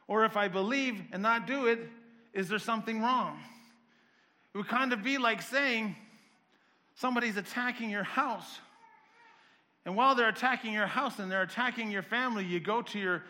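A male preacher whose voice sits high and rings bright. He fires off rhetorical questions one after another, building each run toward fervent intensity. Between runs he drops in a wry, self-deprecating aside. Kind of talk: sermon.

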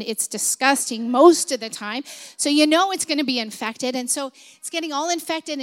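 High, bright-voiced woman preaching. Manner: conversational, with many fillers and asides. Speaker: speaker at a church service. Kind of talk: sermon with storytelling.

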